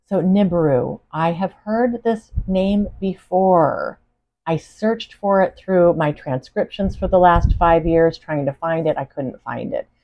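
A woman with a fairly low voice shares a spiritual channeling talk in an earnest, meandering manner. The sound is slightly dull and lo-fi, recorded in a living room. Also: measured pace.

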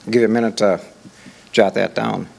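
A man's voice: lowish voice, fairly even intonation, fairly quick, vocal fry, darkish tone. An older man from Minnesota giving a conversational conference presentation, walking through examples with rhetorical questions. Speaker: conference speaker.

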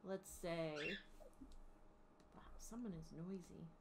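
A woman's voice: fairly low pitch, slow pace. A woman running a tabletop game as game master, chatting casually with many ums and restarts.

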